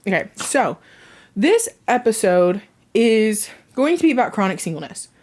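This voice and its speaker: A woman's voice: medium pitch, big pitch swings, normal speed, a little mellow. A woman hosting her own podcast from home, chatting casually, rambling and laughing at her own jokes. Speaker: podcast host. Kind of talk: casual chat.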